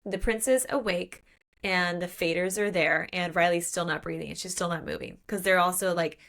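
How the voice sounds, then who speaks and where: A woman's voice: lowish voice, moderate pace. Chatty woman co-hosting a book podcast. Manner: animated retelling, acts out characters' lines; frequent "like" fillers. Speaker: podcast co-host. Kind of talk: casual book chat.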